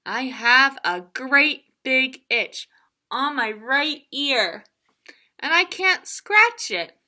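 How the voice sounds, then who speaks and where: Storybook rhino, male, itchy and eager, pleading in a raised, loud voice, put on by a woman reader. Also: high-pitched, extremely slow, exaggerated voice. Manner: pleading, excited.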